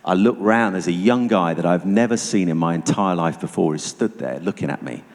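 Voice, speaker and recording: A man giving a personal testimony to an audience as a guest speaker, telling it vividly and going hushed at tense moments. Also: low voice, a little fast. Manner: vivid storytelling, dropping to hushed tones for tension. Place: church hall. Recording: long reverb of a church hall.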